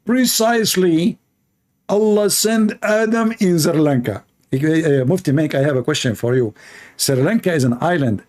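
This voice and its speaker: A man's voice: a little high, darkish tone. A man whose first language is Arabic, with an Arabic accent, hosting his show and mocking a clip in sarcastic, playful commentary. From Middle East. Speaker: show host reacting to a clip.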